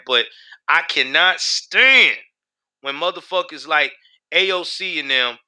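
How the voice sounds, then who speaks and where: A man's voice: a little high, expressive, measured pace, sharp tone, clear, resonant tone. A man hosting a live stream, talking back to his chat in heated, profane commentary. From United States. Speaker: livestream host.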